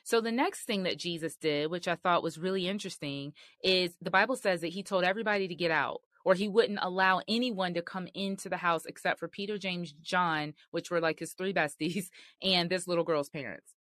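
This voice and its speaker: A woman's voice: lowish voice, a little fast, hardly any pauses, fairly bright tone, no echo. A woman host giving sermon-style marriage teaching, earnest and emphatic in a conversational way.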